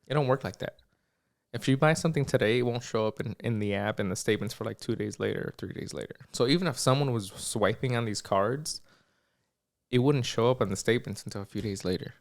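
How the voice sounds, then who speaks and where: Fast and gravelly at a medium pitch, a young man on his podcast tells a story in casual conversation. He performs the people in it with lots of energy and doesn't hold back on the swearing.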